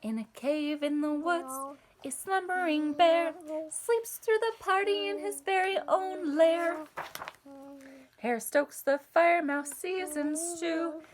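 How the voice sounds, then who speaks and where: A woman teacher reads a picture book aloud to children in a high, slow, sing-song voice. She stops often to invite them to join in. A faint hiss sits under the recording. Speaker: music teacher.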